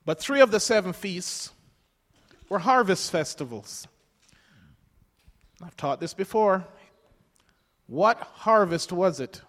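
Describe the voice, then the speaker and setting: An older man preaching a sermon to a congregation, emphatic, calling out questions and dropping between loud and soft. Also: sits high, in a large hall. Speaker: pastor.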